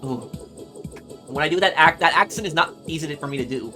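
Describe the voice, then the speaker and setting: A man's voice: a little high, lively intonation, a little fast, sharp tone. A man playing through a game, reading its dialogue aloud in character voices and breaking off for chatty asides. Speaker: gaming YouTuber. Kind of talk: let's play commentary. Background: game music.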